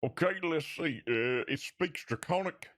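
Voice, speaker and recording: A man playing a tabletop fantasy game, playful and animated as he asks about his options. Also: on the high side, unhurried, no echo, studio quality. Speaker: player.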